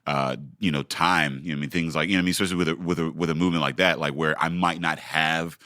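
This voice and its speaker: Rambling deep-voiced male co-host. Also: fairly even intonation, fast, sharp tone, no echo, clean studio sound. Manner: rambling, lots of fillers, crude jokes. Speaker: podcast co-host. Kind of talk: casual chat.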